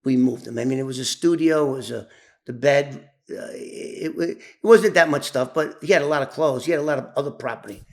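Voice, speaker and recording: A man telling an animated street story, acting out the voices of others and often restarting his sentences. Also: mid-range voice, a little fast. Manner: animated, acts out quoted voices, many restarts. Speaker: former mob associate telling his story. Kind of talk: casual spoken storytelling.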